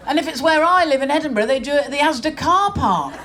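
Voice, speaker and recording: Middle-aged woman doing stand-up, brash and chatty, fairly high voice, faint hum behind. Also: quick pace, hardly any pauses. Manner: brash, conversational, mock-exasperated. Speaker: stand-up comedian. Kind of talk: stand-up comedy routine. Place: comedy club stage before a laughing audience.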